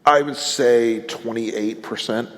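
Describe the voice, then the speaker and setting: A man's voice: mid-range voice, steady tone, slow pace, a bit bright. A man, a political strategist, telling blunt, salty stories on stage at a live event and acting out the people he quotes. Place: event stage before an audience. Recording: live event hall reverb.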